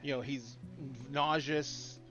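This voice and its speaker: A man running a tabletop game as game master, describing scenes in halting bursts with frequent restarts. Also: medium pitch, steady tone, a bit bright, lo-fi sound, soft background music.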